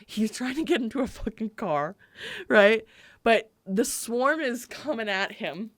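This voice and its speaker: A young woman chats with a co-host, laughing through her stories and swearing casually. Her voice sits high and swings widely in pitch. The sound is dry and close. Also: unhurried, no room sound. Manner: giggly, swears freely, animated storytelling. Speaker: podcast co-host. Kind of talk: casual chat.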